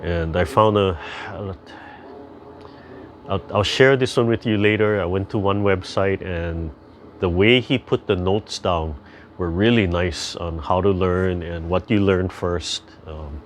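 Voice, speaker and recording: An older man leading a tai chi class over a video call, chatty and gentle as he rambles through stories and calm instructions. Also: low-pitched, unhurried, slight background noise.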